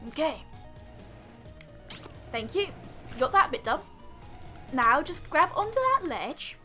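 A woman's voice: high-pitched, sing-song, slow pace, pauses often, pushed and bright, soft background music. A woman doing let's play commentary, exasperated and laughing often as she scolds the game character. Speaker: gamer.

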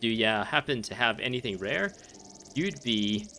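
Give me a man doing a neighborly traveling merchant, chatty, with a bright, pressed tone. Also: mid-range voice, expressive, a little slow, slight background noise. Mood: friendly. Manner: chatty and neighborly, reading game dialogue aloud. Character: friendly male traveling merchant by a campfire.

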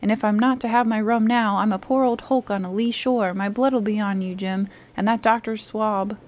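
A woman voicing a weak, pleading old male sea captain in a calm storybook reading. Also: medium pitch, moderate pace, lightly acted. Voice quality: feeble, wheedling.

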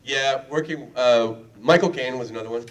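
A man's voice: medium pitch, normal speed, far from the mic. A man speaking as a guest on a convention panel, joking and teasing with lots of laughter. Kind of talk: casual convention panel talk. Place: convention panel room with audience. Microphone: filmed from the audience.

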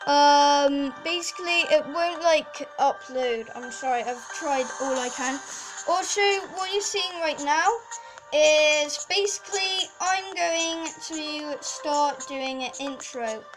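A woman's voice: high voice, takes it slowly, over music, poor audio. A preteen girl hosting a casual video update from her bedroom, rambling and apologizing often, with many fillers. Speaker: channel host. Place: bedroom at home.

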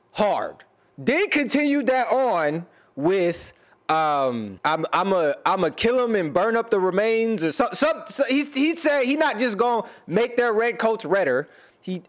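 A man, a rapper, giving an excitable reaction commentary, often repeating and restarting words. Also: on the high side.

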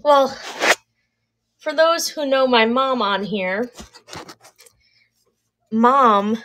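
A woman's voice: fairly high pitch, drawn-out words, a bit bright, a little hiss or hum. Chatty young woman selling live. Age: 20s. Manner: chatty and self-deprecating, laughs at own slips. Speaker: live online seller. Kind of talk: casual live-sale chat.

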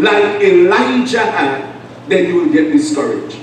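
A man with an Antiguan accent preaching a sermon as pastor, emphatic, with call-and-response and long pauses. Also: high-pitched, animated, slight background noise. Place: church sanctuary. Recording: echoey church sound from far off.

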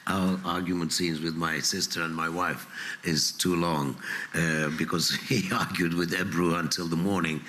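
A man, an actor, answering at a press conference in a relaxed way. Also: deep voice, moderate pace.

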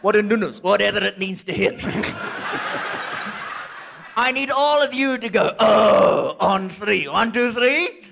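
A South African ventriloquist voicing a flamboyant, camp male puppet who calls everyone darling, with a raspy voice, performing live on a comedy stage. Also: high-pitched, measured pace, long pauses, a bit bright, slight background noise, exaggerated voice. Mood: camp teasing. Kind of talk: stand-up ventriloquism.

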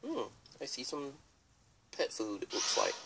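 A let's player giving excitable, jokey gameplay commentary. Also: mid-range voice, measured pace, gravelly, slightly rough.

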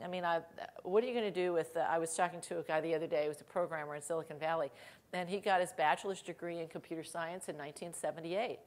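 Animated woman telling a story on stage. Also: lowish voice. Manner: animated, laughing anecdotes with acted quotes. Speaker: keynote speaker. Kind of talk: conference keynote storytelling. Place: conference hall stage.

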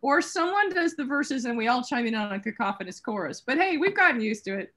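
A woman's voice: fairly high pitch, sing-song, fairly quick, fairly bright tone. A woman hosting a casual video call chat, enthusiastic and chatty. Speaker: host.

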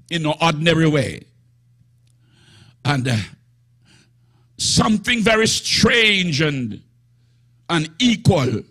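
A male preacher delivers a sermon in a breathy, husky voice, slow and drawn-out. His pitch swings widely and rises to emphatic shouts. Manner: emphatic, rising to shouts with bursts of laughter.

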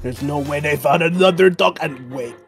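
A man voicing a furious dad chasing his toddler in a comedic game role-play, shouting in exasperation. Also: a little high, normal speed, creaky, faint music behind. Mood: outraged.

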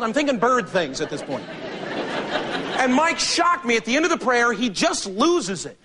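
A male comedian delivers an animated, sardonic monologue from a theater stage in front of a big crowd. His voice is very high and bright. There is a faint hiss of noise behind him. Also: a little fast. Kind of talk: stand-up monologue. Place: theater stage before a large audience.

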